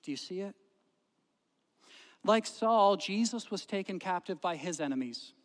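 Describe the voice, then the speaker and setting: A man preaching a sermon as pastor, telling a story and swinging between loud emphasis and hushed moments. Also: sits high, lively intonation, a little slow. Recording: long hall reverb.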